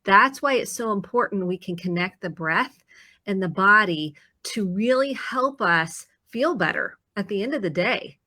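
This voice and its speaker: A woman therapist talks through her ideas on a live talk show. Her voice is bright and close, with a dry sound. She explains in an earnest way and acts out the things people say to themselves. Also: mid-range voice, lively intonation, measured pace, dry recording. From Indiana, US. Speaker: therapist guest.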